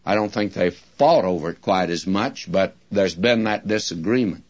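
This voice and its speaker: A man teaching from the Bible in a sermon, deliberately drawing out key words and speaking directly to his listeners. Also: low-pitched. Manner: addresses listeners directly, folksy asides. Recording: dull lo-fi recording.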